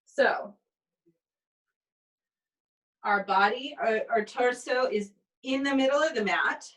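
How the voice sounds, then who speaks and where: A tired woman leads a pilates class with slow, steady cues and counts. Her voice sits a little high. She is heard from a few steps away in an indoor studio. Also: far from the mic, low-quality recording. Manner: calm step-by-step cueing with counts. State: tired, yawning. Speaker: pilates instructor. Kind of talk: guided exercise instruction. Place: indoor exercise space.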